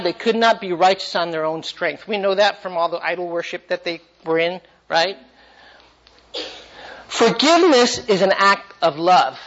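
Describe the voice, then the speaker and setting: A man's voice: high voice, a bit bright, highs cut off. A man teaching a Bible class, asking the class questions and driving his points home with energy.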